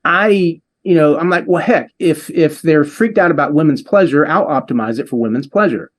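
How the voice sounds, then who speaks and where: A man guest in an interview, earnestly telling a long personal story with halting restarts. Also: on the high side. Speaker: interview guest, device developer.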